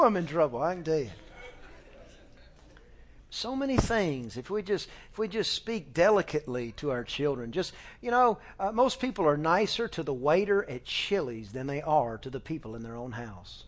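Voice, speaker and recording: A middle-aged man preaching a sermon in a folksy, animated way, with fillers and restarts, sometimes acting out family conversations. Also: a little high, normal speed. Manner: acts out family dialogue with shifting voices. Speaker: pastor.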